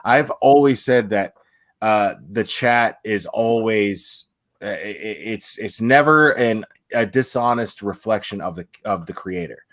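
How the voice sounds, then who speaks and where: A man in a casual livestream chat, talking excitedly with frequent stammering restarts and free swearing. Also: lowish voice, a little slow, no room sound.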